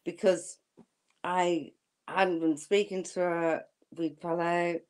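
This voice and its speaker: A woman's voice: fairly low pitch, level tone, takes it slowly, darkish tone. A woman, a guest telling a personal story candidly in casual chat. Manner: candid storytelling with frequent laughs.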